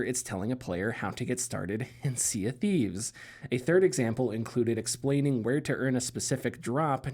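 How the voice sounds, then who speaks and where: A man's voice: mid-range voice, a little mellow. A man co-hosting a gaming podcast, talking loosely with lots of fillers and sarcastic asides, laughing easily. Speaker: podcast co-host. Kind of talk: casual gaming news chat.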